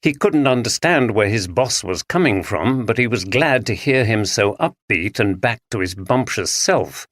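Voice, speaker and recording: A man reading a mystery audiobook aloud in a measured storytelling manner, also speaking the detective's lines. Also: lowish voice, animated, a bit bright, no echo, clean studio sound. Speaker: audiobook narrator. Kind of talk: scripted audiobook narration.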